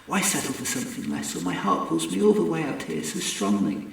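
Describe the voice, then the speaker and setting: A man's voice: mid-range voice, huge pitch swings, brisk, vocal fry. A man voicing an earnest, lovestruck male alien visitor in his own voice for an audiobook. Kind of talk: audiobook character voice. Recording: echoey room, distant mic.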